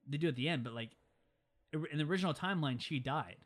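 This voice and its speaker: A man's voice: a little high, quick pace. Man animatedly recapping a movie. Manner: animated retelling with quoted character voices. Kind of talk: casual movie recap chat.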